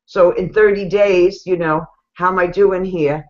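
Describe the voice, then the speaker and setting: A woman with a New York accent giving casual coaching advice, chatty and animated, laughing often. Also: fairly low pitch, unhurried. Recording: dull lo-fi sound.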